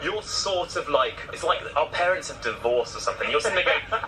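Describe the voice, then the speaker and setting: A man in a street interview, joking around in an animated way, recorded from a distance. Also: a little high, a little fast, hardly any pauses, a little hiss or hum.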